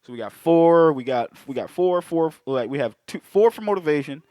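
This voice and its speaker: A man co-hosting a movie podcast, talking in a casual, profane, slangy way and getting animated as he tells stories. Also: fairly high pitch, moderate pace, no room sound, studio quality. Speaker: podcast co-host.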